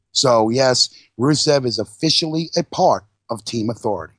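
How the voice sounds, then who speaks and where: A man's voice: mid-range voice, expressive, normal speed, hardly any pauses, a bit bright, breathy edge, dry recording. A man in a mid-range voice runs through a wrestling recap in loose, casual chat, swearing freely as he goes. The sound is dry and close, with no room around it. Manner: loose, profane, narrating play-by-play. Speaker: podcast co-host.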